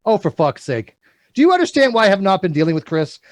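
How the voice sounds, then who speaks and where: A man hosts a live call-in debate stream in a high-pitched, sing-song, fast voice on a dry recording. He's confrontational and swears, hammering the same demand again and again.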